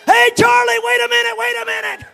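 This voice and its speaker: A big, gruff older man booms out in a loud, raised voice, as a storyteller puts him on. He sounds imposing and a little intimidating. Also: completely flat delivery, fairly quick, big-room sound, full character voice. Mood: booming. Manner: loud, booming.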